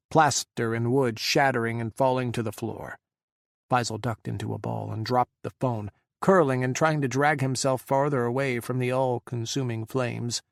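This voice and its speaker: A man reading an audiobook in a measured, dramatic narration style. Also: medium pitch, gravelly, no echo, studio quality. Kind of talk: scripted narration.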